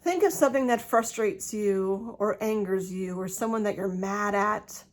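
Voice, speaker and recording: A middle-aged woman chats into her phone from home in a loose, unscripted way. She laughs easily and trips over her words as she goes. Her voice sits at a middle pitch for a woman. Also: moderate pace. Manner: chatty, laughs often, talks with restarts. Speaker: vlogger. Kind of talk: casual personal vlog. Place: home, indoors.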